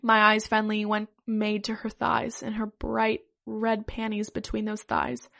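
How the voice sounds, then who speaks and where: A woman's voice: mid-range voice, monotone, measured pace, creaky, bright, forceful tone. Woman, podcast host, reading a comic story aloud, narrating. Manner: breaks up laughing.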